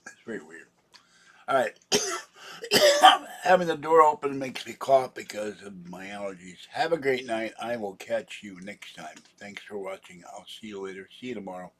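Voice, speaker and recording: A man's voice: fairly low pitch, sharp tone, husky. A man vlogging in a rambling, casual chat, grumbling and chuckling to himself.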